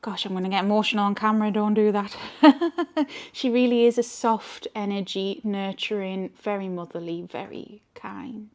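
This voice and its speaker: A chatty woman with a broad Geordie accent talks to her camera as a tarot reader. She rambles freely and speaks her mind plainly. Her pitch sits in an ordinary middle range for a woman. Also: normal speed, darkish tone. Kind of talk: casual chat to camera.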